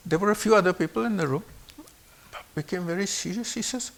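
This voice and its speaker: Older man with a high, gravelly voice. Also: fast talker. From Pakistan. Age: 70s. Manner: animated, acts out quoted speech with shifts in voice. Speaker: guest speaker. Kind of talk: personal storytelling.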